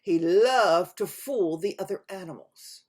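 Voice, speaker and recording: A woman storyteller telling a folktale to children, animated and talking to them directly, swinging from loud to hushed. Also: fairly low pitch, measured pace.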